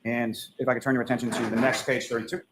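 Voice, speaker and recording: A male attorney directs a witness from page to page in a courtroom and keeps reusing the same polite, formal phrases. He talks very fast, and faint noise sits under his voice. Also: medium pitch, flat delivery. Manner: formal, repeats set phrases. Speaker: trial attorney. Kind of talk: courtroom questioning.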